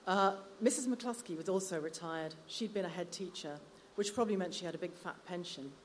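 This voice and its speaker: A woman author reading her own short story aloud at a live literary night, in a measured, unhurried manner. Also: on the low side, slight background noise. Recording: reverberant hall with faint ambience.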